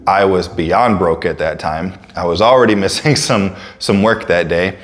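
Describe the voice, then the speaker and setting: A man with a very low voice telling a story to camera in a loose, casual manner. He stumbles over fillers and restarts and jumps into other people's voices as he goes. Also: normal speed. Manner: relaxed, full of fillers and restarts, acts out others' lines. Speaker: fitness coach and storyteller.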